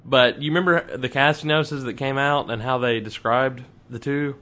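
A man's voice: medium pitch, steady tone, normal speed, fairly bright tone. A man co-hosts a casual fan podcast, talking loosely and thinking aloud. He rambles and restarts his sentences as he goes. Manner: chatty, rambling with restarts and hedges. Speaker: podcast co-host.

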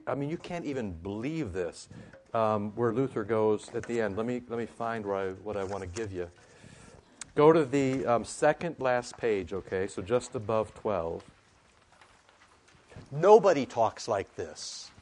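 A man's voice: mid-range voice, a little mellow. A man teaching a sermon-style class, talking conversationally and building to emphatic rhetorical questions.

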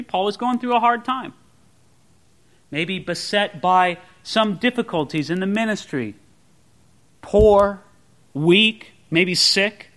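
Guy preaching a sermon, high bright voice, really animated, calls everyone friends. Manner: animated, addresses listeners as friends, acts out quotes.

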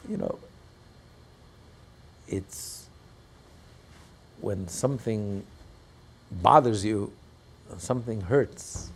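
Husky low guy teaching a torah class, gravelly, tells stories all animated. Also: drawn-out words, pauses often. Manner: animated storyteller, bursts into loud cries when acting out quotes.

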